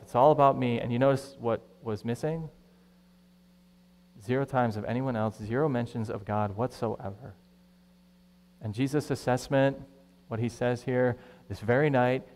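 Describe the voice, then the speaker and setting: Animated pastor in an echoey hall. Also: male voice, mid-range voice, normal speed. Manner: conversational, animated, acts out quoted voices. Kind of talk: sermon.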